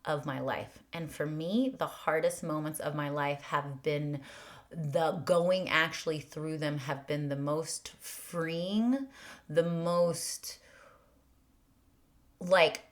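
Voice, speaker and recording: A woman with a low voice talks slowly and thoughtfully through a spiritual reflection. She piles up earnest rhetorical questions and now and then sinks into a breathy near-whisper. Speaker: podcast host.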